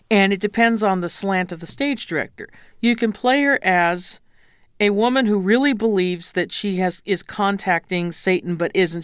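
A woman's voice: mid-range voice, no echo, clean studio sound. A woman opera singer as an interview guest, frank and teasing as she coaches pronunciation. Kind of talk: casual interview.

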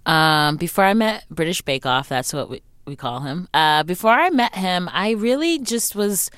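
A young adult woman talking candidly as an interview guest, emphatic and animated, acting out what other people said to her. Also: fairly low pitch, normal speed, clean tone, no echo, clean studio sound. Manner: animated, emphatic, acts out quoted remarks.

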